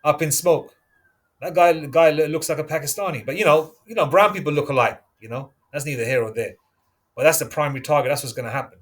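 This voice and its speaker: A man's voice: fairly high pitch, fast talker. A man giving an informal Bible teaching, rambling in street slang and swearing freely. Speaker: preacher.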